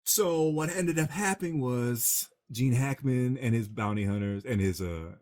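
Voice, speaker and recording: A man on a casual gaming chat show, rambling through a film plot and acting out the quotes in a low voice. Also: unhurried, a little mellow. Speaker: podcast co-host.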